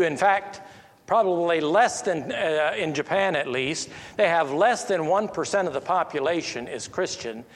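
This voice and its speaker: Slow-talking man in an echoey hall. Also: a little high. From United States. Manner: halting, many restarts and fillers, rises when stressing a point. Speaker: Christian speaker. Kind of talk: informal teaching monologue. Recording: long echoey reverb.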